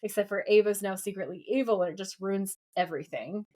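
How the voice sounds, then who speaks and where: A woman at a middling pitch recaps an episode for her co-host. She reads out scenes line by line and fills the gaps with casual asides and fillers. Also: a little fast, a little mellow. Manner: retells scenes by reading out lines, with many fillers. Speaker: podcast co-host.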